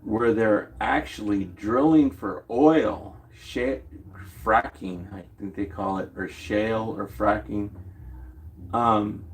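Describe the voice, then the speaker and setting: Slow, rambling man. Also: lowish voice. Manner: slangy, meandering, loose profanity. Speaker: livestreamer. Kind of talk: rambling casual livestream chat.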